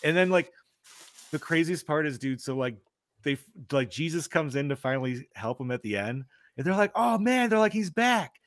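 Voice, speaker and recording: A mid-range male voice at normal speed, recorded in studio quality with no room sound, belongs to a podcast co-host in casual chat. He's an animated storyteller who swears a lot, says "dude," and acts out the characters' lines.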